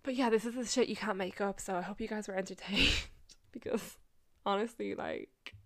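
A woman's voice: medium pitch, normal speed. A young woman telling a story on her podcast in a casual, chatty way, swearing and laughing often. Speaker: podcast host.

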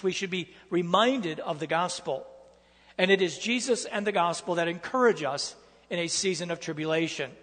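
A man's voice: high voice, big-room sound. A man preaching a sermon, reading scripture aloud with emphatic, repetitive phrasing.

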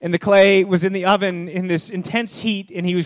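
A man preaching a sermon, telling a parable with swings between urgent speed and hushed, slow emphasis. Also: high-pitched, steady tone, dry recording. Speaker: pastor.

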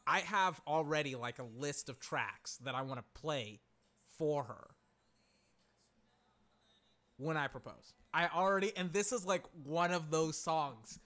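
Excitable rambling man, bright voice. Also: a little high, moderate pace. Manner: excitable, rambling, swears and exclaims. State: voice cracking. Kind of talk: casual chat.

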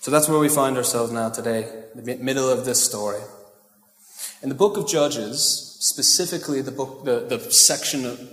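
A man leads a sermon as a pastor, chatty and playful rather than formal. His mid-pitched voice carries through a large church hall with a long, roomy echo. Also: normal speed, a bit bright. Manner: casual, joking asides, asks the crowd "right?". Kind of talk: conversational sermon. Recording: echoey hall with long reverb.

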